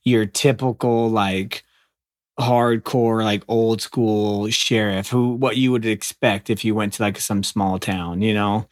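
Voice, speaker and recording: A man's voice: on the low side, steady tone, takes it slowly, dry recording, clean studio sound. A man in his thirties co-hosting a podcast, chatting casually with lots of ums and likes. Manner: rambling, lots of fillers. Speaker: podcast co-host. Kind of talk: casual chat.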